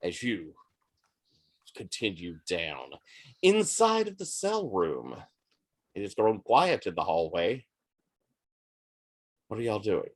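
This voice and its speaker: A man narrates a tabletop role-playing session in a relaxed, conversational way. His voice sits somewhat low, and he sets each scene before turning it over to the players. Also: takes it slowly, pauses often. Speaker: game master.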